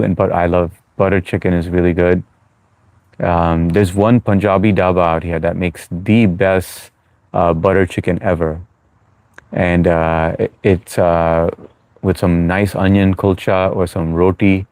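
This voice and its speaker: A man's voice: low voice, level tone, measured pace, a little mellow, no echo. An American-born man hosting a live chat Q&A, chatty and reassuring, with many fillers as he answers viewers. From United States. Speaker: livestream host. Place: New York.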